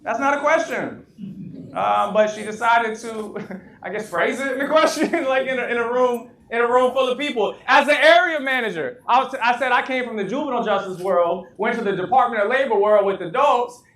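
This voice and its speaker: A man's voice: very high voice, fairly quick, a bit bright. A man giving a live workshop talk to an audience. He tells humorous stories, laughs often at his own jokes and asks the audience questions. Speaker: motivational speaker. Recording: echoey room.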